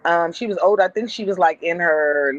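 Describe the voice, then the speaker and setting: A woman's voice: normal speed, no room sound, lo-fi sound. A woman from Compton, California, a comedian telling blunt, profane stories as a podcast guest. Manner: blunt, profane, jumps high and loud when acting out quotes. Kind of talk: casual storytelling on a podcast.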